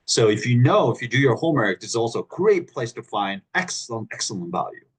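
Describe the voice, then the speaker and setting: A man's voice: medium pitch, very animated, fast, breathy edge, low-quality recording. A man hosting a wine club tasting on a video call, talking casually with many fillers and restarts.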